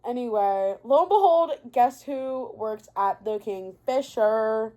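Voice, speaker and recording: A young woman ranting casually about a book she loves, excitable and rambling, often stopping mid-thought to correct herself. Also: fairly high pitch, takes it slowly, few pauses. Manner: rambling and excitable, often losing her thread. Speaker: book vlogger.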